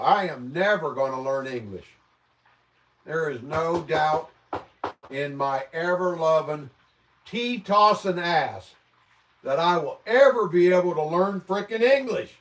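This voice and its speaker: Man from the Midwest, livestream host, high lively voice, slow drawn-out delivery, a bit distant from the mic. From American Midwest. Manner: exclamatory, mock-outraged and profane. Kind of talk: casual live chat reacting to viewer comments. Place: home, indoors.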